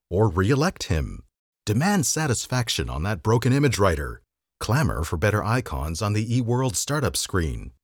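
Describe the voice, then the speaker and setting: A very deep-voiced man with a husky, slightly breathy tone reads an old magazine article aloud as a podcast host. His pitch moves a lot, lending a dry, wry lilt to the text. The sound is close and dry, with no room around it. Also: no room sound.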